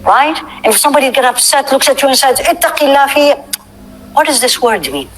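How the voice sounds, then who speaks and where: Animated woman teaching a religious class. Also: high voice, fast talker, slight background noise, poor audio. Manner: animated, asks the audience questions. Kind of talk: lecture to a live class.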